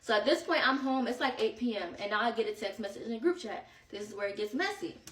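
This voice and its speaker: A woman's voice: on the high side, fast, echoey room, distant mic. Breathless woman telling a messy storytime. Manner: animated, slangy, exasperated retelling. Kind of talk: casual storytime.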